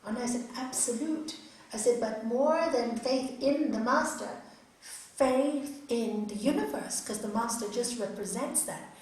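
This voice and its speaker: A middle-aged woman giving an earnest, expressive spiritual talk as a raja yoga teacher to an audience in a hall. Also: on the high side, measured pace. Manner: earnest, expressive, acts out quotes. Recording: echoey hall, distant mic, faint noise.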